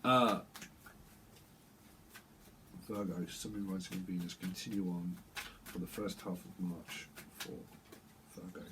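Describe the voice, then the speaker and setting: A man's voice: sits low, moderate pace, sharp tone, slight background noise, rough recording. A man giving a casual, rambling tarot reading, chatty and prone to breaking into snatches of song. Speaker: tarot reader.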